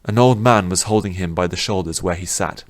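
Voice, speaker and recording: Low-voiced guy narrating a fantasy audiobook, measured, dry close sound. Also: no echo.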